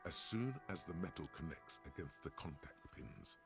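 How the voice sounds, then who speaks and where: A man voicing a calm, grave male inner-voice narrator for a video game, speaking in a slow, solemn way with a gravelly voice. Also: extremely low pitch, over music, voice pushed down, exaggerated voice.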